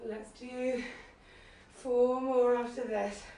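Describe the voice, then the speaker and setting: With a steady, warm tone and slow pace, a woman instructor runs a live workout class from her home living room, breathlessly cueing moves and counting reps in an encouraging way. The low-quality web stream is distant and very echoey, with a little hiss or hum.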